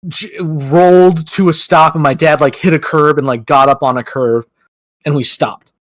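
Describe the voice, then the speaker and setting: A man's voice: a little high, steady tone, normal speed, a bit bright, no echo. Rambling young man telling a story. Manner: rambling, lots of "like", acts out quotes. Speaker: podcast co-host. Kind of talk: casual storytelling chat.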